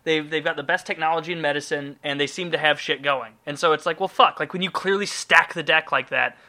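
A man's voice: on the high side, steady tone, brisk, sharp tone. A man co-hosting a podcast in casual chat, joking, swearing freely and laughing often. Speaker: podcast co-host.

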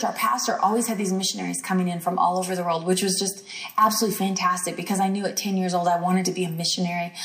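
A woman's voice: mid-range voice, distant mic. Woman, emphatic sermon-style teacher, declarative, repeats phrases, roomy echo. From rural ranch country. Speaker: teacher at a healing school.

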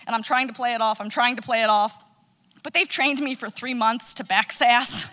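A young woman telling a funny personal story, animated and self-mocking, laughing at herself as she goes. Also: a little high, normal speed. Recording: long reverb.

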